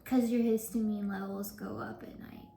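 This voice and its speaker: A woman's voice: medium pitch, little pitch movement, normal speed, vocal fry, warm tone, roomy sound. A sick woman who is coughing and short of breath, talking wearily on a noisy recording. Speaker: vlogger. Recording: noisy background.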